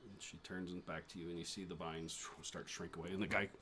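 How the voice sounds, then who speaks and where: A low-voiced man running a tabletop game, describing the scene in a steady, flat tone with many little pauses and fillers. A faint hiss of noise sits under his voice. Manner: descriptive, halting narration with fillers. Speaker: game master.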